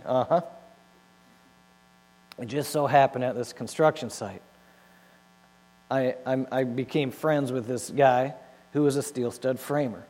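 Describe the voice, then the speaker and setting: A man telling his life story to an audience, animated and acting out his own past words. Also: medium pitch, moderate pace. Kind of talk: personal testimony to an audience. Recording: long hall reverb with mains hum.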